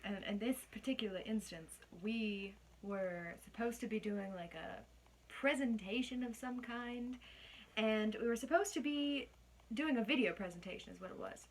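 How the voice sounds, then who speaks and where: Young woman, high-ish voice, chatty, laughs a lot, casual storytelling. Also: normal speed, slight background noise. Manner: chatty, laughs often while telling. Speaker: guest storyteller.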